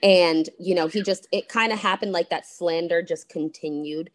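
A woman's voice: fairly low pitch, moderate pace, dry recording. A woman therapist, a podcast guest, recounting her past frankly and animatedly, swearing freely. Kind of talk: candid storytelling interview.

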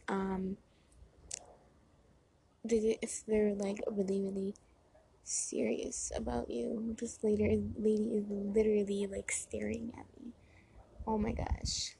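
A woman's voice: medium pitch, a little mellow, slight background noise, low-quality recording. A woman in her twenties giving dating advice in a rambling, chatty way, full of fillers and asides, talking outdoors near a road. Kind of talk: casual chat.

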